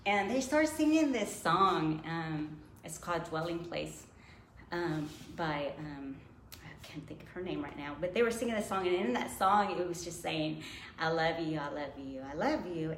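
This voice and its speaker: A woman's voice: low voice, expressive, moderate pace. A woman telling a personal faith story in casual conversation, laughing often and acting out her own past thoughts. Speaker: guest. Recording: echoey room, faint noise.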